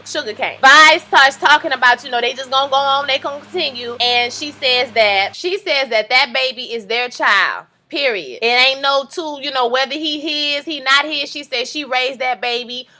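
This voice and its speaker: Chatty woman with a bright, high voice. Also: normal speed, few pauses. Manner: animated, chatty, talks straight to viewers. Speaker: TV recap vlogger. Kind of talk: casual TV episode recap.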